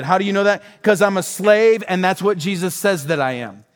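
A man's voice: high-pitched, brisk, in a large hall. A man preaching a sermon as pastor, fervent and emphatic, driving his points home with repeated phrases.

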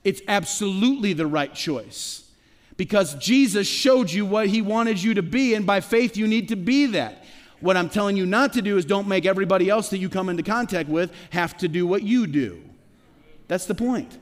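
A middle-aged man preaching a sermon as pastor, talking conversationally with rhetorical questions and quick stammered restarts. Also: high-pitched. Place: church sanctuary. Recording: long reverb of a large hall.

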